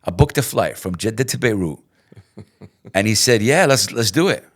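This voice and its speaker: A middle-aged man, a radio host, talking in a casual interview in an animated way, repeating himself and acting out quotes. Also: lowish voice, moderate pace.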